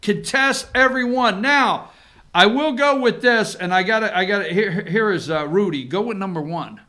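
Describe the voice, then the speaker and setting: A man's voice: sits high, lively intonation, normal speed, bright, forceful tone. A male talk show host giving a sarcastic opinion monologue on the news, speaking straight to his viewers. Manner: sarcastic, talks to viewers directly.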